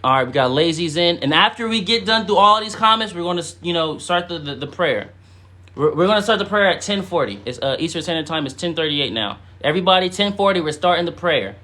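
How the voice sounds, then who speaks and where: A man hosting a spiritual live stream, teaching casually and reading chat comments, animated, with sudden loud emphatic bursts and many fillers. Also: fairly high pitch, fast.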